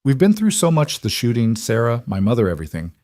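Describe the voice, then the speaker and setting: A man voicing a gentle, wry father, speaking in a soft, measured way. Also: medium pitch, wildly swooping pitch, dry recording, studio quality, voice pushed up. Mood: tender.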